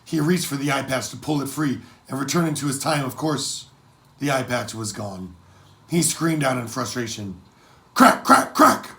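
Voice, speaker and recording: A man narrating an adventure story as an audiobook, with steady storytelling delivery. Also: mid-range voice, creaky. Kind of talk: scripted narration.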